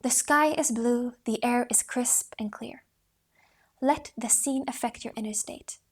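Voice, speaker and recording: A woman reads aloud from a voice training book, sitting a little high in her range. Her reading stays steady and instructional. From time to time she demonstrates the exercises herself with rising, sung tones. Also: measured pace, slightly rough. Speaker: voice book reader.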